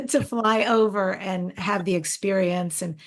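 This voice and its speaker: A woman interview host with a mid-pitched voice. She asks her guest questions and answers with short, appreciative remarks. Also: takes it slowly. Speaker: podcast host. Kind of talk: interview hosting.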